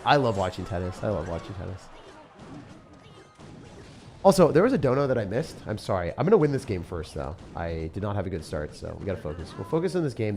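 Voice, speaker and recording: A man chatting excitedly while live-streaming a mobile game, often laughing and talking to his viewers. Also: low voice. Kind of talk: live-stream gameplay chat.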